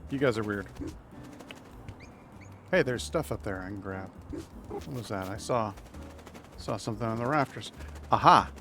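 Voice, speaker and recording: A man's voice: lowish voice, normal speed, pauses often, slight background noise. Playful man streaming a game. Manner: playful, chatty, slips into silly voices for characters. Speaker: livestreamer playing a video game. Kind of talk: casual gameplay commentary with read-aloud dialogue.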